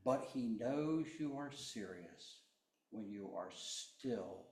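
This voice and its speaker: Guy preaching real slow, gets loud then drops way quiet, echoey room. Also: medium pitch, animated, creaky. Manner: slow and deliberate, swinging from loud emphasis to hushed tones. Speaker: pastor. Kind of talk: sermon.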